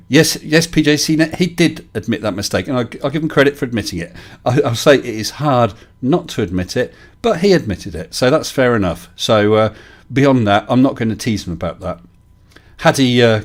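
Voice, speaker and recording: A middle-aged man, hosting a casual live-stream chat from his home desk, joking and talking to viewers by name. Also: lowish voice. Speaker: livestream host.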